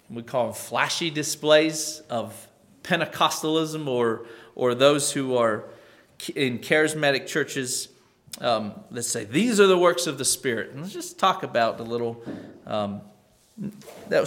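A pastor preaches to his church in a musing, conversational manner, restarting phrases as he goes. His tone is fairly bright, and on key points his pitch and volume climb.

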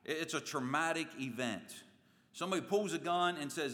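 Animated preacher, bright voice, echoing hall. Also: male voice, moderate pace. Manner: animated preaching, acting out voices with big swings in pitch and loudness. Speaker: pastor. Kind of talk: sermon. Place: church sanctuary. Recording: long reverb of a church hall.

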